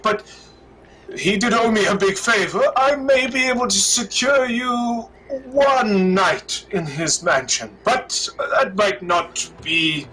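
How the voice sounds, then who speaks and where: Excitable older male guide, voiced by a man, fast rambling speech, fussy, trailing off, high bright tone. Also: exaggerated voice, low-quality recording.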